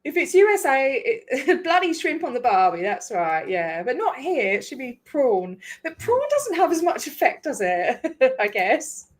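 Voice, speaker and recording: A woman with an English accent touched by an Australian twang hosts a loose live stream. Her voice sits a little high, and she talks in a chatty way, laughing often and dropping casual swears. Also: sing-song, measured pace, hardly any pauses. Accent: English with a slight Australian twang. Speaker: livestream host.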